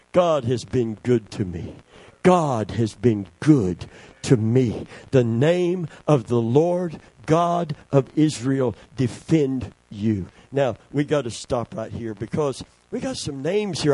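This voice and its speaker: A man preaching a sermon as pastor, full of amens and praise calls, swinging between loud declaring and hushed slow passages. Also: sits high, slightly rough, no room sound.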